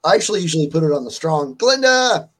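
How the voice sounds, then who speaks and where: A stream host, still recovering from a fever, rambles through a story in casual chat, leaning on plenty of fillers. His voice is on the high side, very fast, a little mellow and husky. The recording quality is low.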